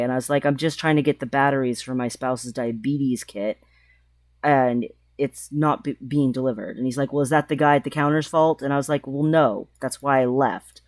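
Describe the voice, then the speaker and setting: A trans woman telling a personal story in a vlog, speaking emotionally with halting restarts. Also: rumbling low, steady tone, a little mellow, dry recording, studio quality. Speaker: vlogger.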